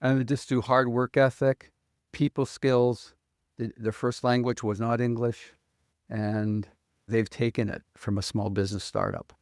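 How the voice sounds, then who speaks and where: A man's voice: medium pitch, a little mellow, no room sound, studio quality. Earnest Canadian man, interview guest. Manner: earnest, measured, appreciative. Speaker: guest, economic developer. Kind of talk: conversational interview.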